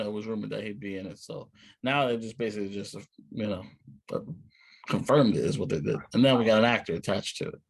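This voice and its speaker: A man co-hosting a casual movie chat, relaxed and a bit hesitant, using many fillers. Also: lowish voice. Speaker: podcast co-host.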